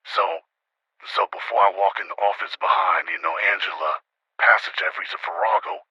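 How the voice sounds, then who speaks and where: Male storyteller on a lo-fi phone line, deep and forceful, raspy, rambling delivery. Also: steady tone, moderate pace, no room sound. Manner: rambling, repeats "you know what I mean". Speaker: storyteller calling in. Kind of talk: casual spoken storytelling. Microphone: phone call.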